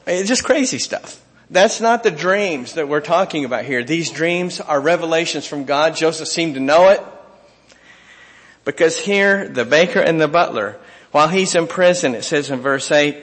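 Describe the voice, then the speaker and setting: Expressive preacher in a reverberant hall. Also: male voice, on the high side. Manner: expressive preaching, reads scripture aloud, swings from emphatic to hushed. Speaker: pastor. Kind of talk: sermon.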